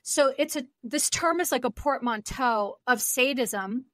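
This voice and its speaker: A woman's voice: high voice, a little slow, a bit bright, no room sound. A woman hosting her podcast solo, talking in a chatty, informal way and laughing often. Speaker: podcast host.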